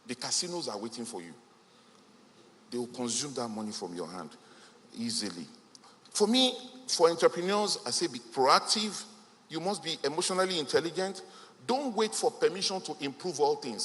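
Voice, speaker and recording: A man's voice: mid-range voice, fairly bright tone. A man giving an emphatic motivational speech at a business event in a large hall, repeating key phrases for weight. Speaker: conference speaker. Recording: echoey hall with faint ambience.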